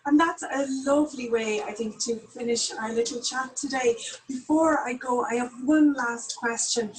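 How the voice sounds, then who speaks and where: A woman's voice: on the high side, fairly even intonation, normal speed, a little hiss or hum, low-quality recording. A woman hosting an interview with brief, encouraging questions. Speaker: host.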